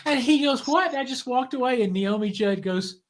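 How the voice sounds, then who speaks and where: An older man, a guest in a casual interview, telling relaxed, wry stories and often restarting his phrases. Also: very high voice, moderate pace, a little hiss or hum. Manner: relaxed anecdotal storyteller, wry and cynical, repeats words as he restarts.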